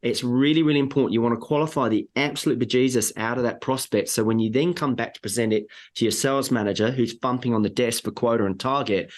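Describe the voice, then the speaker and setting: A man's voice: mid-range voice, quick pace, few pauses. A man, a sales trainer on a podcast, coaching emphatically and acting out buyer lines. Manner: emphatic, animated coaching with acted-out buyer quotes. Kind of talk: podcast interview.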